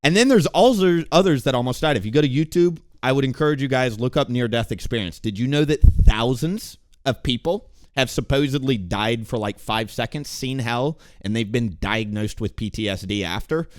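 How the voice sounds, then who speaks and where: A young man and video host, giving an earnest personal testimony to camera in an intense, emphatic way that swings between loud and hushed. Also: mid-range voice, normal speed, dry recording, clean studio sound. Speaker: gaming streamer and video host.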